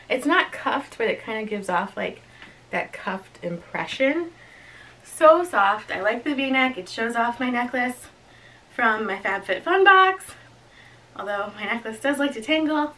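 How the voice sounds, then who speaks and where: A woman's voice: a little high, sharp tone, poor audio. A young woman chatting casually through a clothing unboxing and try-on, giggling often and talking to herself as she goes. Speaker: vlogger reviewing a clothing box.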